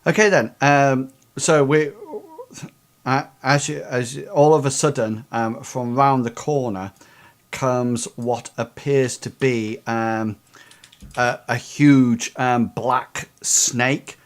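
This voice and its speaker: A man running a tabletop game as game master, narrating haltingly with many ums. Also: mid-range voice, steady tone. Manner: halting, full of ums and fillers.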